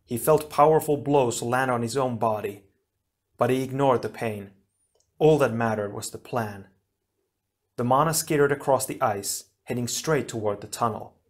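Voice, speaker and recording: A man narrating an action storybook in a steady, even reading voice. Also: medium pitch, normal speed. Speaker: audiobook reader.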